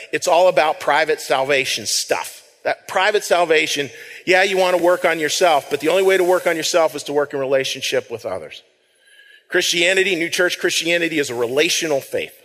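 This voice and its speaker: A man's voice: a little high, fairly quick, a bit bright, in a large hall. A man giving a sermon as pastor, speaking in a conversational way and repeating words as he reads scripture aloud. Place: church sanctuary.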